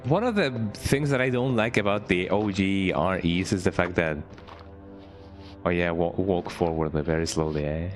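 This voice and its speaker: A man's voice: deep voice, normal speed, faint music behind. A man streaming a game and chatting casually with viewers, playful, ending nearly every sentence with a questioning "eh?". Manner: playful, chats with viewers while playing. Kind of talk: casual gameplay commentary.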